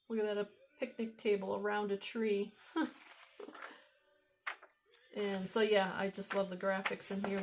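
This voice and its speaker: Woman vlogger with an Upper Midwest accent, slow and chatty, admiring her finds. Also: mid-range voice, a little hiss or hum. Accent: Upper Midwest American. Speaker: vlogger showing thrift finds. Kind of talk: casual show-and-tell.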